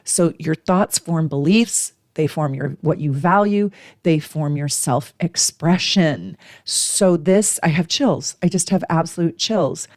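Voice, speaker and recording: A woman's voice: slow, no echo. Emphatic woman astrologer, dry close sound. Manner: emphatic, animated, acts out little dialogues in a higher voice. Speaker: astrologer host. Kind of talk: casual astrology talk to camera.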